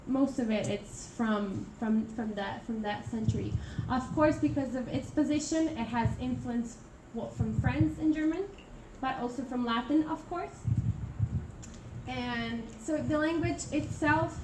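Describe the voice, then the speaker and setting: A young Italian woman, an international student, gives a classroom presentation in a high, unhurried voice. She sounds hesitant, with many fillers and restarts. The noisy recording was made from far off in an echoey room.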